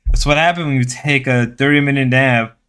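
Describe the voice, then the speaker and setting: A man's voice: medium pitch, fairly even intonation, a little fast, a bit bright, smooth. A man streaming a casual reaction to a video, rambling and exclaiming with frequent laughter. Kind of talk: casual live reaction commentary.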